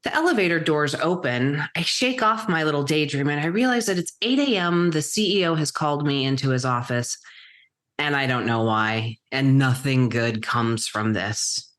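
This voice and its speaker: A middle-aged woman, a guest entrepreneur, telling her story in vivid present tense with dramatic pauses. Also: low-pitched, animated, fairly bright tone. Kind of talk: storytelling interview answer.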